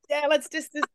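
A woman's voice: high-pitched, heavy background noise. Candid Australian woman in her forties. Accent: Australian with an English tinge. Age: 40s. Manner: candid, self-mocking, laughs often. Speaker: guest, comedian. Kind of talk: casual podcast chat.

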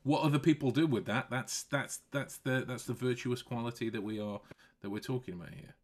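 A man's voice: medium pitch, brisk, a little mellow. Chatty man hosting a podcast. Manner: restarts and repeats words, laughs often. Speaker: podcast host. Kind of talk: casual podcast chat.

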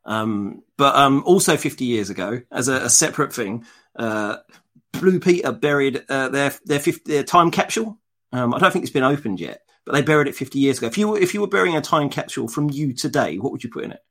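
A man's voice: mid-range voice, expressive, fairly quick, a bit bright. A man co-hosting a casual chat, dropping dry, teasing quips. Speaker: podcast co-host.

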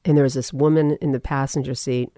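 Her pitch is extremely low and she talks fast, recorded dry with studio quality. This Californian podcast guest relays a personal story casually, animatedly quoting people in their own voices as she acts out their words.

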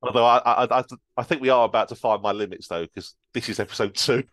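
A man's voice: mid-range voice, fast, fairly bright tone, no room sound. A man hosting a casual podcast, chatting and reading stories aloud, often laughing and making asides about himself. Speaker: podcast host and reader. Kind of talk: casual chat and story reading.

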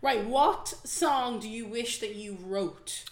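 A playful woman with a Dublin Irish accent hosts a relaxed podcast chat, swearing freely and joking along. Her voice sits a little on the high side. The recording carries a noticeable roomy echo. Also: slow pace. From Swords, North Dublin, Ireland. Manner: playful, swears freely, bursts into sung snatches. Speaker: podcast host. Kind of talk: casual chat.

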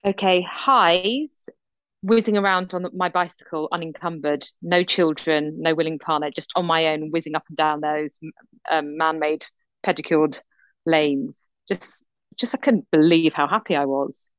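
A woman in middle age, talking in a lower register as she spins an animated anecdote, acting out the people she quotes. The sound is dry and a little dull, as if from a close studio mic. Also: measured pace, dry recording. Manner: animated storytelling with lively quoted voices. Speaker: podcast co-host. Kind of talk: casual chat.

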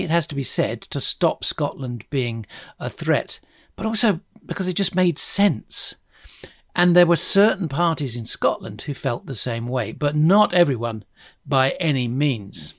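A man's voice: medium pitch, no room sound, clean studio sound. A man hosting a history podcast, narrating in a chatty style with wry asides.

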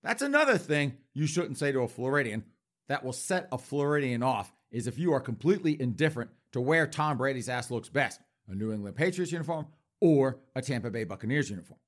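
Man, talk show host, comic monologue, lively swinging pitch, mock-serious, folksy asides. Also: brisk. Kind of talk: comedic monologue.

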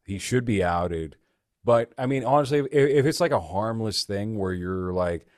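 Casting: male co-host, low dry voice, blunt, provocative, crude jokes, jumps in. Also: expressive, normal speed, darkish tone, no room sound. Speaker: podcast co-host. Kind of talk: casual crude banter.

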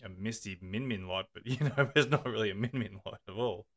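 A man hosting a casual interview, asking questions in a relaxed way. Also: fairly low pitch, a little fast, no room sound, studio quality. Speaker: podcast host.

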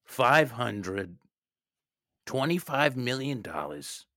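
Lively bright-voiced man doing comedy. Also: mid-range voice, slow, dry recording, clean studio sound. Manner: playing a pompous rich film producer. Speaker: podcast co-host. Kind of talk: improvised comedy bit.

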